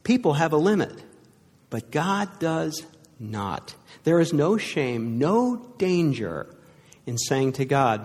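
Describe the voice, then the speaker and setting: A pastor delivering a sermon, moving between loud, emphatic lines and hushed, soft ones. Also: male voice, on the high side, sing-song, slow pace, breathy edge. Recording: long hall reverb.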